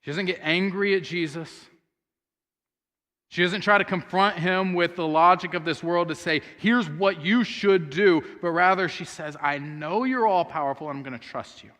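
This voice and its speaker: A man's voice: sits high, moderate pace, bright, forceful tone. A man preaching a sermon as pastor, telling a story earnestly and speaking the sisters' words aloud. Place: church sanctuary. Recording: long hall reverb.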